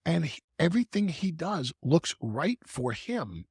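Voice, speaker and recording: A man talking as a guest in a podcast conversation, animated and repeating words as he restarts his thoughts. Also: fairly high pitch, measured pace, husky, no echo, clean studio sound. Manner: animated, stumbling restarts, stretches words for emphasis. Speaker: wrestling manager guest.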